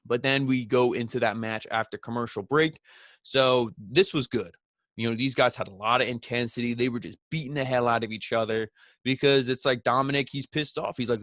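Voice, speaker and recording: A man's voice: mid-range voice, quick pace, fairly bright tone, dry recording, studio quality. A man casually recapping a wrestling show, chatty and full of fillers, with sarcastic asides.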